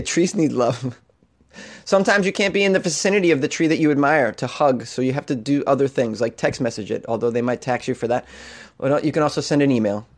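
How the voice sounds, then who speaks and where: A man hosting a talk show, chatting casually, laughing often and making sarcastic remarks. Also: mid-range voice. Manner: laughing, sarcastic, easily amused. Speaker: show host.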